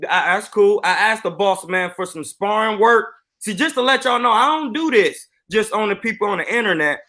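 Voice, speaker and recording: Boxing coach guy on a live stream, high bright voice, bragging his way through a story. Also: moderate pace. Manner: animated, boastful storytelling.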